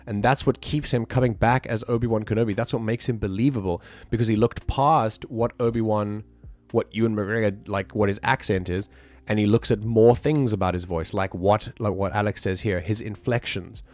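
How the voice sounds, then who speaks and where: A man's voice: on the low side, fairly even intonation, moderate pace, darkish tone, no echo. A man chatting casually on a live stream, rambling with many restarts and fillers.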